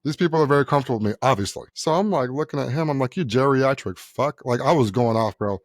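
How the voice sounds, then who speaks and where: A man's voice: medium pitch, rapid-fire, no echo, clean studio sound. A man in his thirties from New York, co-hosting a podcast in casual chat, telling stories and swearing freely. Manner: animated storyteller, acts out quotes, swears freely. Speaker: podcast co-host.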